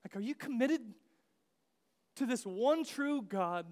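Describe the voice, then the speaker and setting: High-voiced preacher with a jokey delivery. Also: male voice, expressive, slow pace, a little mellow. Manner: jokey, acts out biblical figures in slang asides. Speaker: pastor. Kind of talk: casual conversational sermon.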